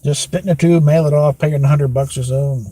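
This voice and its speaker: A man's voice: a little high, steady tone, brisk, warm tone, no room sound. Rambling man, dry close sound. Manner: rambling, many fillers, chuckles often. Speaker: podcast host. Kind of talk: rambling casual chat.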